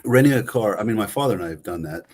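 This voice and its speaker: A man co-hosting a casual live-stream travel chat as a travel expert, an animated storyteller who often breaks into laughter. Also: lowish voice, very fast, slightly rough.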